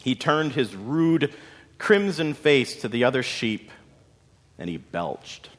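A male storyteller narrates with dramatic, expressive delivery and folksy asides. He takes his time, and his pitch swings widely. A long hall reverb trails after each phrase. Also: takes it slowly.

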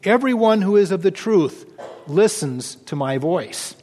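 A man reading a calm, steadfast male teacher who answers his judge with measured, solemn declarations. The raised voice sits in a long church-hall echo. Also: high-pitched.

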